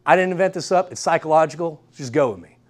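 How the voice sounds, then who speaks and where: A young man giving an energetic workshop lecture in a classroom, repeating key points and checking in with the room. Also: a little high, fast talker. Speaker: guest lecturer. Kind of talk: university workshop talk.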